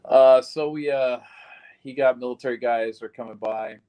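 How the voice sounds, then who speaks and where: A man's voice: mid-range voice, fairly even intonation, normal speed, mellow, smooth, low-quality recording. A man giving a recorded witness interview about surviving a shooting, telling it in a blunt, plain-spoken way with some swearing.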